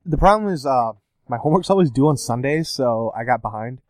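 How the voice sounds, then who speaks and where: A man's voice: medium pitch, animated, a little fast, darkish tone, dry recording. A young man co-hosting a podcast in casual chat, teasing his friend and laughing often. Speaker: podcast co-host.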